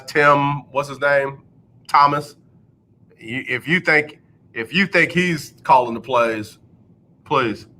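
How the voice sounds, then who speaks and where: A man's voice: mid-range voice, pushed and bright, slight background noise. A man hosting a radio sports show in a casual, joking tone, sarcastic and fond of repeating a punchline. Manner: sarcastic, repeats lines for comic effect. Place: radio studio.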